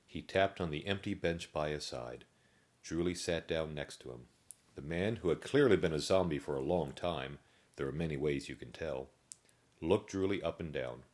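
A man reading a children's story aloud in a steady, gently amused narration. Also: rumbling low, normal speed.

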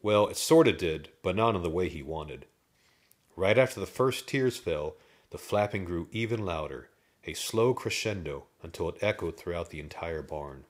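A man reads a children's storybook aloud in a low voice. He is expressive and dramatic, with lively rises and falls in pitch. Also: moderate pace.

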